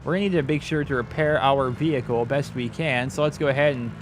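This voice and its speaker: A man's voice: mid-range voice, fairly even intonation, fast talker. A man giving rambling, chatty commentary while playing a game, often exclaiming at it as he goes. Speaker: gaming channel host. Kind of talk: casual let's-play commentary.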